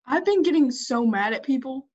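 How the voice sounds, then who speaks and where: A teenage girl from the Midwest talks in a blunt, sassy way. Her voice sits fairly high, with quick laughs throughout, and the recording sounds a little dull and lo-fi. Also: expressive, crowd noise. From Midwestern United States. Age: teens. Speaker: co-host. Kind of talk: casual chat.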